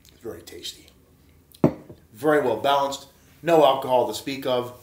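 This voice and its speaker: A man's voice: mid-range voice, moderate pace, background noise. Enthusiastic man reviewing beer, echoey room. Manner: enthusiastic, chatty, repeats himself and addresses viewers as guys. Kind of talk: casual beer review vlog.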